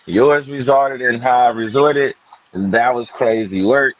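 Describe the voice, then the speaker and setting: A man hosting a panel show in a relaxed, loose way, speaking straight to the viewers. His voice is mid-pitched, and the recording sounds a bit dull and muffled. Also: measured pace. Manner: casual, loose, talks to the audience. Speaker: host.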